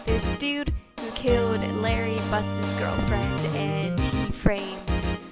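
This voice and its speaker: A woman's voice: medium pitch, steady tone, slow. A woman streamer chatting casually and explaining a game to her viewers. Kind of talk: casual chat. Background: game music.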